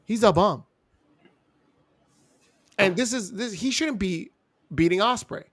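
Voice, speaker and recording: High-pitched man ranting loudly. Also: slow, no echo, studio quality. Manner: loud, exasperated ranting, mocking voices. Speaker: wrestling show co-host. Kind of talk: ranting casual chat.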